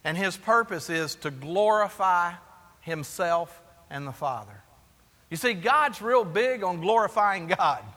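A man preaching a sermon, asking the congregation rhetorical questions in an animated way. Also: sits high, measured pace, in a large hall. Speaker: pastor.

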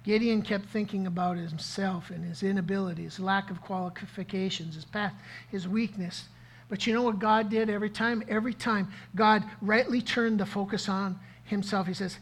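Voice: mid-range voice, fairly even intonation, moderate pace. Pastor preaching live; interactive, call-and-response, repeats key lines for emphasis. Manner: interactive, asks the audience questions, repeats key phrases. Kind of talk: sermon to a live congregation.

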